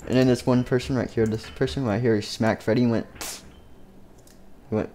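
A man casually narrating a game story in a rambling, halting way. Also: medium pitch, steady tone, dark tone, slight background noise. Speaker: youtuber.

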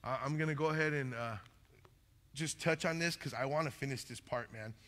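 A man preaching a sermon as pastor, talking loudly and passionately, acting out little stories as he goes. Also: mid-range voice, a little fast, in a large hall. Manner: loud, passionate, animated storytelling. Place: church sanctuary.

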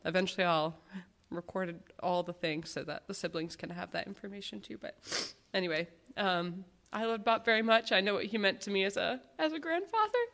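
A woman delivers a eulogy for her grandfather at a memorial service. She tells personal stories in a heartfelt, halting way, with an even, middle-pitched voice. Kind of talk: memorial tribute speech.

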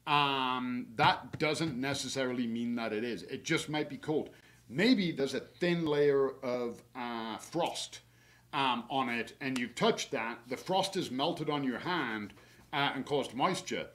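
A man, a horticulturist, hosting a casual garden webinar, talking in a relaxed, chatty way with plenty of fillers and practical tips from his own yard. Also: medium pitch, slow. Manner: chatty and relaxed, many fillers, laughs at himself.

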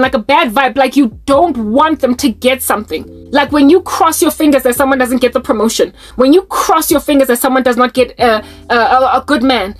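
A South African woman giving an emotional faith monologue, pleading and passionate, often restarting mid-sentence. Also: high voice. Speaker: Christian vlogger.

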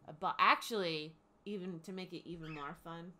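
Brief: woman game master, bright forceful voice, chatty and halting, casual tabletop narration. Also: on the low side. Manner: chatty, hesitant, full of ums and restarts.

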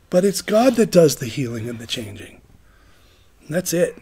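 A man's voice: high voice, expressive, a little fast, mellow, breathy edge. A middle-aged man giving an informal, rambling sermon, joking about himself and laughing often. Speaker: preacher.

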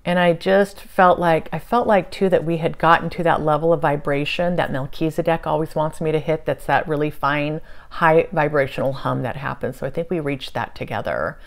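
A woman casually recounting a spiritual session from home, meandering and soft-spoken with many fillers. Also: low-pitched, steady tone, normal speed, few pauses. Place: at home on a couch.

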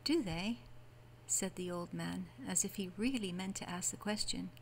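A woman narrating a fairy tale audiobook as a bedtime story, with soft, even delivery. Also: lowish voice, normal speed, vocal fry, slight background noise, rough recording.

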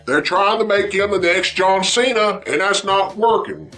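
A man's voice: sits high, a little slow, sharp tone, soft background music. A man hosting a vlog, delivering a blunt, profane, repetitive rant straight to his viewers. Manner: blunt, heavy swearing, repetitive. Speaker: vlog host ranting about wrestling. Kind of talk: profane angry rant to camera.

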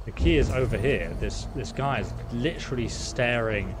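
A man's voice: medium pitch, normal speed, noisy background. A man giving casual, jokey, sarcastic commentary while playing a video game. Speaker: gameplay commentator. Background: game music and sounds.

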